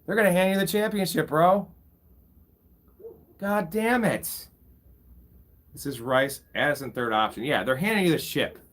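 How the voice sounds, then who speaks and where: Excitable man hosting a live draft stream. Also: on the high side, fast, hardly any pauses. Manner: casual, excitable, crude banter with chat. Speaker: fantasy football streamer host.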